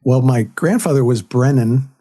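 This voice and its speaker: Dark husky male comedian storyteller. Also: mid-range voice, normal speed. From California, USA. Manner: anecdotal, tells jokes with quoted voices. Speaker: comedian and author guest. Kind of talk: podcast interview storytelling.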